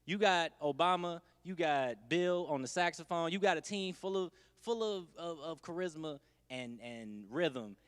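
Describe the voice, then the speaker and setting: A man's voice: medium pitch, fairly bright tone, big-room sound. Laid-back male stand-up comic. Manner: laid-back, conversational, wry asides. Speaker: stand-up comedian. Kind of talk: stand-up comedy set.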